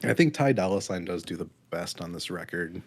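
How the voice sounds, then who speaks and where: Low-voiced blunt podcast guy. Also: animated, brisk, husky, no room sound. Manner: blunt and critical, with frequent ums. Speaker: podcast co-host. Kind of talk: casual album review chat.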